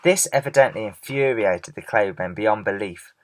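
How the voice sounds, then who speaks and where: Man reading a storybook aloud. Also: lowish voice. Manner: expressive, measured reading with slight stumbles.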